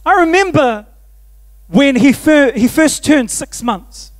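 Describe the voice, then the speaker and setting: A pastor tells stories from the pulpit. He has a strikingly high voice for a man. He pokes fun at himself and laughs easily as he talks. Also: slow pace. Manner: animated, self-mocking, laughs often. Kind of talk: storytelling sermon.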